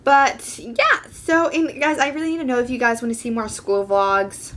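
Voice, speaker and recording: A woman's voice: on the high side, moderate pace, a little hiss or hum. A teenage girl telling a casual storytime to her viewers, rambling and full of fillers, acting out what people said. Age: teens. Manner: quotes people in lively voices. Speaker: vlogger.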